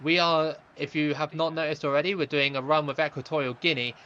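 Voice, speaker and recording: A young man streaming a football game, chatting with viewers and reacting loudly to the play, on a slightly dull lo-fi mic. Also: a little high, steady tone, a little fast, clear, resonant tone. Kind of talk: live gaming stream commentary.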